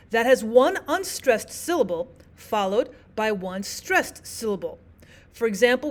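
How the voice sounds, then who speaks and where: A woman teaching a recorded lesson, explaining terms step by step in a clear, methodical way and repeating the key points. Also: on the high side.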